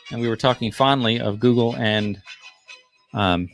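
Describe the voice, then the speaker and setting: A man's voice: medium pitch, normal speed, soft background music. A man in his fifties with a New Jersey accent, hosting a casual livestream and chatting in a rambling way with lots of fillers. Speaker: livestream host.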